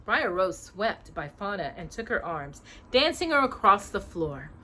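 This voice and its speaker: A woman reading a storybook aloud to her child in an expressive way, pausing to ask her questions. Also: mid-range voice, slight background noise.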